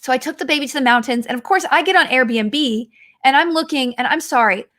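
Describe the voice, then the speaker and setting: A woman's voice: high-pitched, brisk, fairly bright tone. A woman in her forties hosting a podcast, telling rambling, self-mocking stories in casual chat. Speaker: podcast host.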